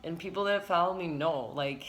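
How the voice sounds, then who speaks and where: A woman's voice: fairly low pitch, moderate pace, a bit bright. A woman talking frankly and at length in a personal vlog, rambling, repeating herself for emphasis, and swearing now and then. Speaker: vlogger.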